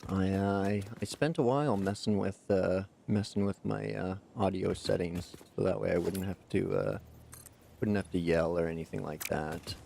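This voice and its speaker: A man's voice: low voice, steady tone, moderate pace, creaky, warm tone, slight background noise. A Canadian man in his forties streaming a game, laid-back, muttering at the game and thanking viewers in chat. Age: 40s. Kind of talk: live gameplay commentary with chat.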